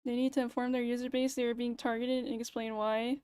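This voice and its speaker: A woman's voice: fairly high pitch, flat delivery, a little fast, darkish tone, clean tone, no room sound. A young woman streamer in casual livestream chat, ranting sarcastically and swearing freely into a close mic. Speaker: VTuber streamer.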